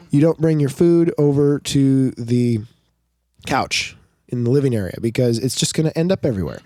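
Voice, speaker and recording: A man's voice: mid-range voice, mellow, no room sound, clean studio sound. A man in his thirties on a podcast, telling a family story and acting out his kids' lines. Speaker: podcast co-host. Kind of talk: casual storytelling chat.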